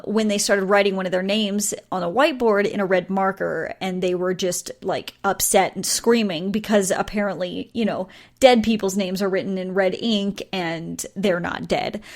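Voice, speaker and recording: Chatty woman hosting a podcast. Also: mid-range voice. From United States. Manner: chatty, with frequent fillers and laughs. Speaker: podcast host. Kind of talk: casual solo podcast chat.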